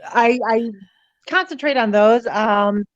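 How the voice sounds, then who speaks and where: A woman guest, an author and researcher, talking in a relaxed way with frequent pauses and fillers. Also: a little high. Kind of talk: casual interview chat. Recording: dull lo-fi sound.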